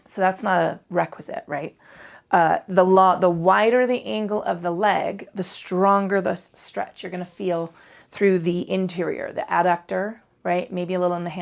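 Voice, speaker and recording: A woman's voice: on the low side, creaky. A woman teaching a casual yoga class, chatty and profane, with rambling asides and a tired edge. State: tired from little sleep. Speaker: yoga instructor. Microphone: microphone.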